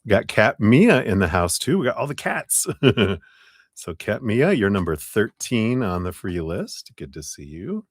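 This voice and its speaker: Casting: low-voiced male stream host, lively sing-song greetings, laughs easily, close dry mic. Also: unhurried, breathy edge, dry recording. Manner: chatty, greets viewers warmly, laughs often, drops into quiet asides. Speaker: tarot reader hosting a live stream. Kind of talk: casual live-stream chat.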